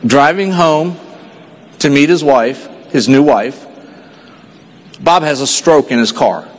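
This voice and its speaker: A man from Texas giving an earnest motivational stage speech at a sales convention, telling a story and dropping his voice quiet for the sad parts. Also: fairly high pitch, slow pace. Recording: long hall reverb.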